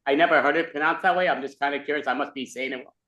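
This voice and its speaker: A man's voice: on the high side, fairly even intonation, very fast, bright, forceful tone, lo-fi sound. A man among improv players, wry and quizzical, over a video call.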